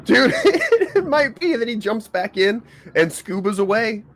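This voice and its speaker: A man's voice: very high-pitched, very animated, measured pace, a bit bright. A man hosting a casual livestream podcast, laid-back and swearing freely as he rambles through stories. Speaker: podcast host.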